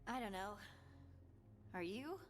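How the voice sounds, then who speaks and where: An actress voicing a weary, grieving young woman scout in a video game, speaking quietly, heard faintly behind a streamer. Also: mid-range voice, expressive, slow pace. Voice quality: quiet and subdued.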